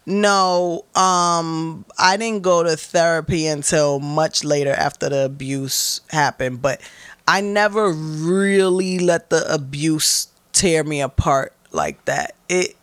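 This young woman is an interview guest who swears freely and speaks with blunt candor, performing the quotes in her lively stories. She has a smooth, low voice, takes her time, and there's no room sound.

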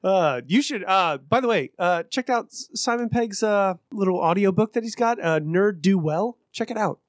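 A man co-hosting a podcast in casual banter, excitable and swearing freely. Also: high voice, moderate pace, no echo, clean studio sound. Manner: excitable, profane. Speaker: podcast co-host.

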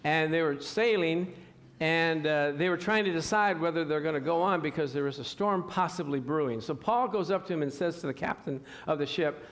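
A man preaching a sermon in a fairly high voice. He is animated and acts out scripture scenes as he teaches. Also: moderate pace.

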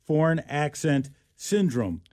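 A male talk-radio co-host with a slightly higher voice tells a strange news story in a loose, joking way, stumbling and restarting as he goes. His voice is picked up close and dry, with no room sound. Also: sing-song, takes it slowly, darkish tone, no echo. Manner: rambling, restarts often, joking. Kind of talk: casual talk radio banter.

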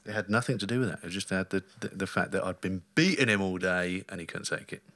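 Male podcast host, wry storyteller; low voice, bright tone, dry sound. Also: fast, no room sound. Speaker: podcast host, flag football player. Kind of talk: casual chat.

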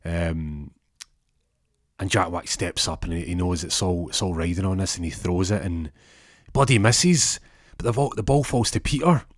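A man's voice: low voice, moderate pace, dry recording, clean studio sound. A man telling a comic story in a casual, rambling way with lots of restarts.

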